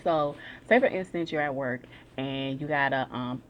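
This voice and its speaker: Low-pitched woman, motivational speaker, slangy storytelling delivery. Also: moderate pace, lo-fi sound, slight background noise. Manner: slangy, chatty storytelling with everyday examples. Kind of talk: casual self-help talk.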